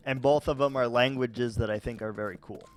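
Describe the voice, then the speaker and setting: A man casually chatting with viewers while playing a game, rambling and relaxed with many fillers and restarts. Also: medium pitch, brisk. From United States. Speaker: gaming vlogger. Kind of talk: casual let's-play chat answering viewers.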